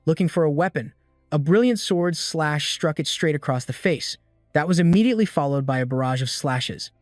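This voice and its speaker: A man reading a scripted story recap as narrator, in an even, steady delivery. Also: on the high side, no room sound, clean studio sound. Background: faint background music.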